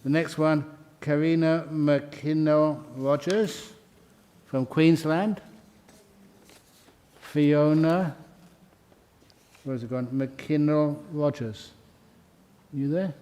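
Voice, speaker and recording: In a meditation hall, a man with a fairly high, steady voice leads a ceremony, reading out names and welcoming each new member. He goes slowly, warm and chatty, laughing good-humouredly between names.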